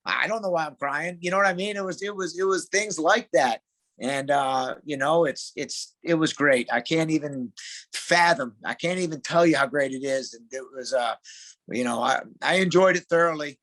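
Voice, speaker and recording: A middle-aged man, a wrestling coach, chatting as a podcast guest in an emphatic, excitable way. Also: a little high, normal speed. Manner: emphatic, excitable, calls people dude. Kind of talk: casual interview chat.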